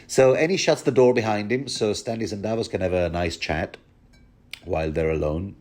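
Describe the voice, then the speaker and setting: A man's voice: on the low side, moderate pace, a little mellow. A man hosting a podcast, giving jokey, chatty chapter commentary full of asides. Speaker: podcast host.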